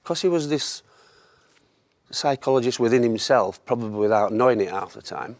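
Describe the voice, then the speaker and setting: A man telling an anecdote in casual conversation as a guest, a lively storyteller who laughs often. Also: medium pitch, normal speed. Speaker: former footballer, guest.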